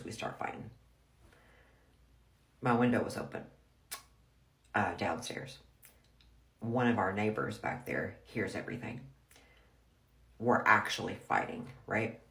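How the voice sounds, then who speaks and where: A woman telling a personal story in a frank, blunt, casual way, full of "like". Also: a bass voice. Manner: frank, blunt, heavy use of "like". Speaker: storyteller vlogger. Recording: roomy echo.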